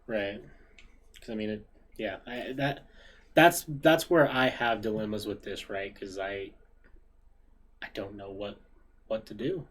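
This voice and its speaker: A man's voice: on the low side, fairly even intonation, unhurried, pauses often, fairly bright tone. A man hosting a casual podcast, talking earnestly and asking pointed rhetorical questions. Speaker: podcast host.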